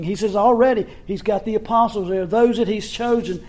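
High-voiced man preaching an emphatic sermon. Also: brisk, darkish tone. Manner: emphatic, with frequent restarts and shifting pace. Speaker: pastor. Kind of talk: expository sermon. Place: church sanctuary.

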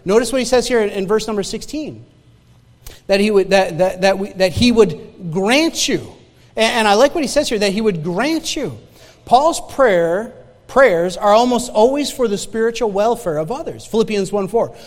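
A man's voice: high voice, lively intonation, moderate pace. A man preaching a sermon and sharing his own story in a loose, conversational way, often stumbling over and repeating his words. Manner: conversational, stammering restarts, repeats phrases for emphasis. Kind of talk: sermon with personal testimony. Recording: long hall reverb.

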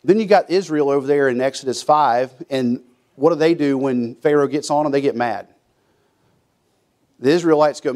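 A man's voice: medium pitch, normal speed, darkish tone. A man preaching a folksy sermon, acting out quotes and often restarting his sentences. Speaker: pastor.

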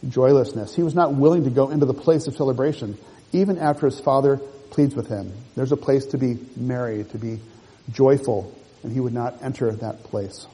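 A man's voice: mid-range voice, warm tone, husky, in a large hall, low-quality recording. A man preaching a sermon, working through a passage verse by verse and explaining it to the congregation. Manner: measured expository preaching, rereads and explains verses. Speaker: pastor.

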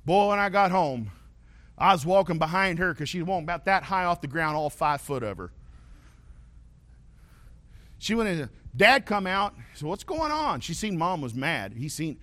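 A male pastor preaching a sermon, telling stories with animated swings from loud points to quiet asides. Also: fairly high pitch, normal speed, pauses often.

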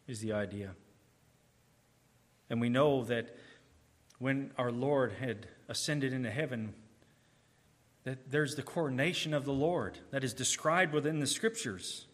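An emphatic male preacher delivers a sermon in a bright, forceful voice pitched a little above the usual. He swings between booming declarations and low, hushed asides.

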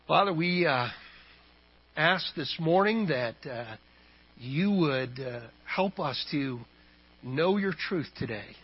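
A male pastor leading a prayer and sermon, halting with frequent fillers. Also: on the high side, animated, husky, highs cut off. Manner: halting, many fillers and restarts.

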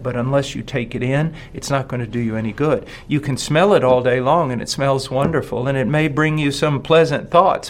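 A man in his forties preaching a sermon as pastor, asking rhetorical questions and slowing down to stress key words. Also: mid-range voice.

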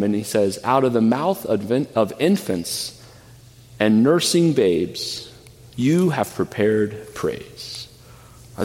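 Earnest preacher man in a reverberant hall. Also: medium pitch. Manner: earnest, emphatic preaching with frequent word repeats. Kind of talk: sermon. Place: church sanctuary. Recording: long church hall reverb.

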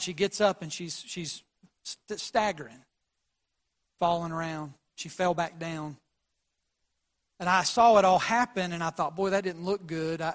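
A pastor preaching a sermon, shifting from quiet storytelling to loud, fervent pleas. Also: male voice, sits high, in a large hall. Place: church sanctuary.

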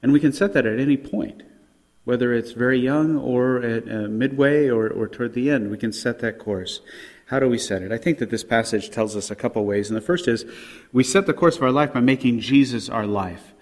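A man's voice: medium pitch, fairly quick. A man preaching a sermon with emphasis, his voice rising on quoted scripture, with fillers and restarts between points. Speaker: pastor. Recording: long hall reverb.

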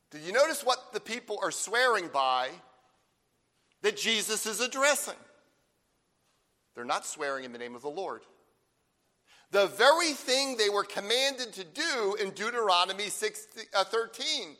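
A man preaching a sermon, emphatic, with slow stressed phrases and rhetorical questions. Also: high-pitched, very animated, pushed and bright. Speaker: pastor. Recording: long hall reverb.

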